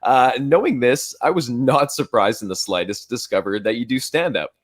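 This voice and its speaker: A man in his thirties hosting an interview, effusive with praise and quick to laugh. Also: mid-range voice. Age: 30s. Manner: effusive, laughs often, many fillers. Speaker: podcast host. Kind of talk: casual interview chat.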